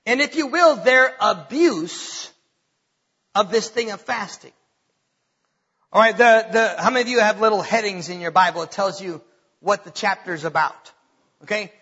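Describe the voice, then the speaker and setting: A man preaching a sermon in a church on a stage microphone, animated and joking, asking the congregation questions. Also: high voice, slightly rough, lo-fi sound. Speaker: pastor.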